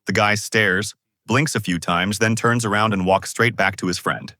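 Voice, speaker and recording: A man reading jokes as a lively storyteller. His voice sits lowish but sounds bright, with big swings in pitch. The sound is dry and close. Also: normal speed, no echo. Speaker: joke narrator. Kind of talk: scripted joke narration.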